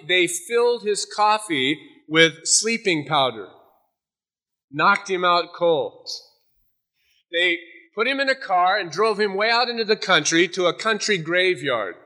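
A man preaching a sermon in a bright, forceful voice pitched a little high. He moves from a light story into earnest exhortation. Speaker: pastor.

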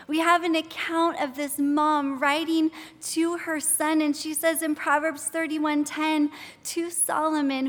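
A woman's voice: high voice, fairly bright tone. A woman in her thirties giving a chatty sermon to a live audience in a church hall, asking questions and reading scripture. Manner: chatty, asks the audience questions, then prays and reads scripture. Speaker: women's ministry speaker.

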